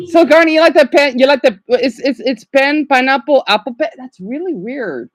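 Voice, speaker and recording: A woman's voice: high-pitched, moderate pace, few pauses, faint music behind, low-quality recording. A woman streamer chatting casually as she reacts to songs and talks to her viewers by name. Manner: excitable, talks to chat by name.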